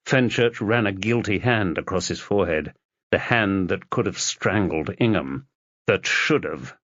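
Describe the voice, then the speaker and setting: Male narrator, measured, slow and expressive; dry, dull recording. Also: sits low, no echo. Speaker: audiobook narrator. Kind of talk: scripted narration.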